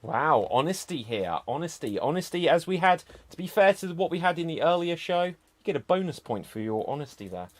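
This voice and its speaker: A man's voice: on the high side, big pitch swings, a little fast, few pauses. A man hosting an online improv show, upbeat and teasing as he introduces scenes and reads out votes.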